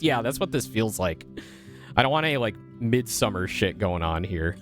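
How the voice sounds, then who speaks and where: Lively young man reading a game aloud. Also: lowish voice, moderate pace. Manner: playful, chatty, lively reading voice. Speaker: streamer. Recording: faint guitar music behind.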